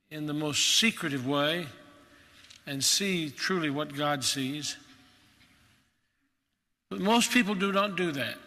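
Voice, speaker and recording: A man's voice: a little high, sharp tone, in a large hall. A male preacher delivering a sermon in an earnest, emphatic manner.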